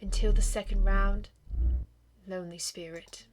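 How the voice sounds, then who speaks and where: A woman voicing a solemn, ancient, lonely spirit in a video game, speaking in a slow, hushed, grave way. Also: medium pitch, a little hiss or hum, natural voice. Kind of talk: video game character reading.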